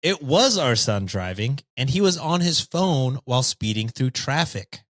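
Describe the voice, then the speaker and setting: A man reads a story aloud on a podcast, his pitch swinging widely as he goes. He stops now and then for a playful aside. The sound is close and dry. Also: a little slow, no echo. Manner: lively, reads with jokey asides. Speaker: podcast host reading stories.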